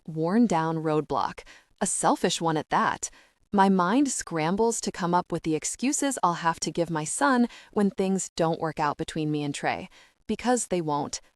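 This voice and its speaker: A woman narrating a first-person romance audiobook in an intimate, even tone. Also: fairly low pitch, dry recording, clean studio sound.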